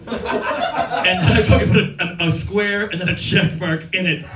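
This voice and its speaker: High-voiced, profane stand-up comic in his thirties. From Newfoundland, Canada. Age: 30s. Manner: rapid, rambling, profane, laughs at own jokes. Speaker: stand-up comedian. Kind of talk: stand-up comedy set. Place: comedy club stage. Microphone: stage microphone. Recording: roomy live club sound from a distance with loud crowd. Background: audience laughter.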